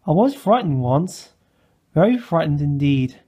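A man voicing a calm, modest old mountain engine in a storybook, with a slow, husky voice. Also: fairly high pitch, full character voice. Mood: thoughtful.

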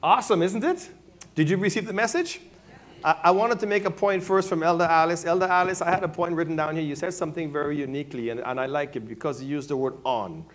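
A male pastor preaching a sermon, calling on members of his congregation by name, swinging from quiet remarks to loud, high-pitched exclamations. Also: quick pace. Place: church sanctuary.

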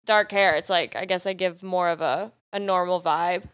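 A woman's voice: lowish voice, fairly even intonation, normal speed, fairly bright tone, clean tone, no room sound, studio quality. Woman, young adult, comedian guest, casual podcast chat, rambling, filler-heavy, giggly. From rural American countryside.

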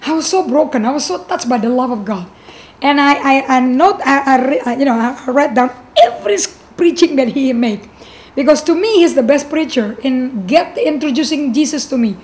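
A woman's voice: high voice, lively intonation, moderate pace, a little mellow, poor audio. A woman pastor sharing her faith testimony in an earnest, emotional way, often restarting her sentences and adding "you know".

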